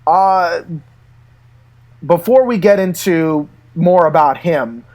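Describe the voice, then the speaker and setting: Male co-host with a high voice, an animated storyteller who laughs often. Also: slow pace, dull audio. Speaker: podcast co-host. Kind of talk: casual chat.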